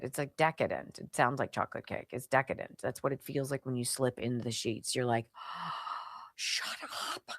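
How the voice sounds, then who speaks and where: Woman radio host, lower voice, chatty and sarcastic ad reads, dry studio mic. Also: a bit bright, dry recording. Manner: chatty, emphatic, jokey and sarcastic. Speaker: radio talk show host. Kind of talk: live radio host reading sponsor ads.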